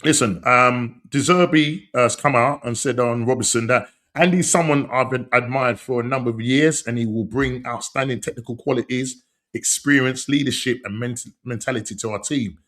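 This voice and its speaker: A man hosting a casual football podcast, talking in excited, slangy bursts and repeating phrases. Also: mid-range voice, moderate pace. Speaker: podcast host.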